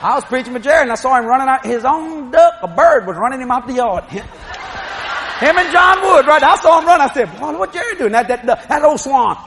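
A middle-aged male preacher delivers a sermon full of storytelling and laughing asides. His voice sits high for a man. A faint hum runs under the recording. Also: expressive, a little fast.

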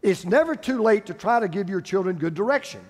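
An older man preaches a sermon from the pulpit, his voice sitting high. He leans on repetition to drive points home, and a long reverb trails through the hall. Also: lively intonation, fairly quick, a little mellow. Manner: emphatic, repeats phrases for stress. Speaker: pastor.

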